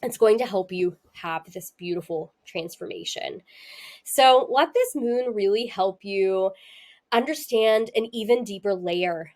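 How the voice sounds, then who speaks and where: A woman's voice: medium pitch, measured pace, a little mellow. A young woman hosting a casual astrology talk, chatty and candid, laughing often and using many fillers. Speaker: astrology host. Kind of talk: casual spiritual talk to camera.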